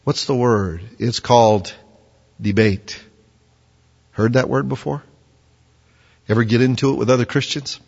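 A man's voice: medium pitch, steady tone, a little slow, creaky, long pauses, a little mellow, husky. A man preaching a sermon in a conversational way, full of rhetorical questions. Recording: dull sound with long hall reverb.

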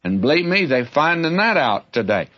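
Man, folksy Bible teacher, husky voice, lively swinging pitch, dull lo-fi recording. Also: normal speed. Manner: folksy, emphatic, animated storytelling. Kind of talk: sermon-style Bible exposition.

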